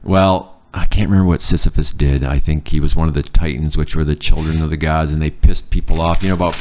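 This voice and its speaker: A man with a very low, deep voice tells stories from an old job in loose, casual conversation. He swears freely and leaps into loud, high bursts when acting out what someone said. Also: fast. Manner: profane, animated storyteller who acts out quotes in loud bursts. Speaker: podcast guest. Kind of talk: casual storytelling chat.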